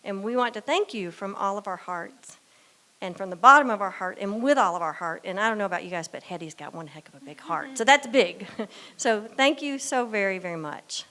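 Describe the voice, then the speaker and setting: An older woman gives a heartfelt graduation speech in an ordinary, mid-pitched voice. She talks in a halting, emotional way and sounds close to tears. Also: expressive, sharp tone, slight background noise. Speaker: guide dog graduate.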